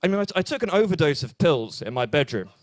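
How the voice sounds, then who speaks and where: Deadpan young Englishman doing stand-up. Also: a little high, fast talker, no room sound. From England. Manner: deadpan, hesitant delivery with many fillers. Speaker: stand-up comedian. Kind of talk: stand-up comedy set. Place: small bar open mic.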